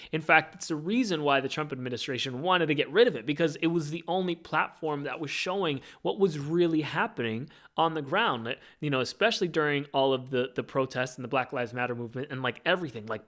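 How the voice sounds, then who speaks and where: A man hosting his own podcast, talking in an animated, rambling casual monologue full of fillers. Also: fairly high pitch. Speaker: podcast host.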